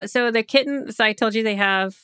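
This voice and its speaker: A woman's voice: on the high side, a little fast, sharp tone, smooth, no echo, clean studio sound. A woman from Oklahoma co-hosting a casual podcast chat, reading facts from notes with chatty asides. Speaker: podcast co-host.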